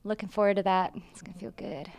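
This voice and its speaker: A woman's voice: mid-range voice, fairly even intonation, quick pace, vocal fry, darkish tone. A woman in a band, chatting and giggling through a casual interview. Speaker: band member. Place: backstage at a concert venue.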